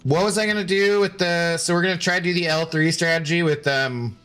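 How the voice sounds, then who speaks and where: A man's voice: on the high side, steady tone, brisk, a bit bright, smooth, faint music behind. Rambling streamer man in his thirties. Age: 30s. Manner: rambling, many fillers and restarts. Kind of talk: casual live-stream chat while gaming.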